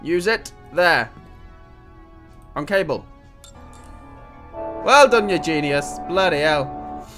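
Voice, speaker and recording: A young man commentating on his own gameplay, loud and joking, laughing and swearing as he plays. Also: fairly high pitch, lively intonation, takes it slowly, long pauses, music in the background. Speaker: gaming video host. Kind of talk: let's play commentary.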